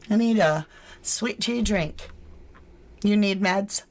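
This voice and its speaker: A woman hosting a true crime channel, chatting casually with live viewers, greeting them and reading their names aloud, with casual swearing. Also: mid-range voice. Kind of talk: casual livestream chat.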